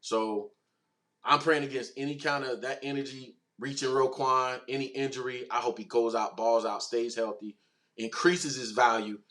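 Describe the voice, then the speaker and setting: Male stream host, animated and slangy, average pitch, riffing with chat. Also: moderate pace. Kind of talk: casual livestream talk, reading chat comments.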